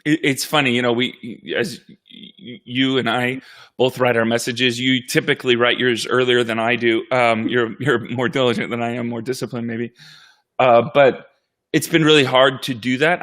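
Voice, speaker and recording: A man pastor in a casual church update chat, talking in a reflective, halting way with frequent restarts. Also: medium pitch, fairly even intonation, a bit bright. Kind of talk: casual conversation.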